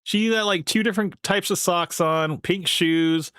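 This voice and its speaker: A man's voice: sits high, a little slow, fairly bright tone, clear, resonant tone, no echo, clean studio sound. Rambling man hosting a live stream. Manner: rambling, loose, heavy on filler words. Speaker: live-stream host reacting to a video. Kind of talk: casual chat.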